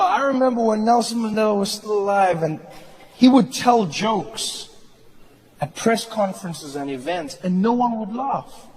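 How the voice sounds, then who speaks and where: A male stand-up comedian telling stories in an animated way, breaking into mimicry. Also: high voice, a little hiss or hum. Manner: animated storytelling with bursts of mimicry. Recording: reverberant live venue.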